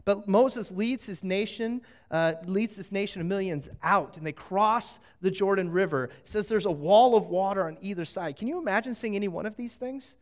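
A man preaching a sermon, telling the story with jokes and acted-out asides. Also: high-pitched. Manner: animated, jokey, acting out quick asides.

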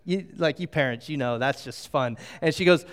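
A middle-aged man preaching a sermon as a pastor, animated and storytelling, drawing the audience into a little game. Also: on the high side, normal speed, smooth. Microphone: handheld microphone.

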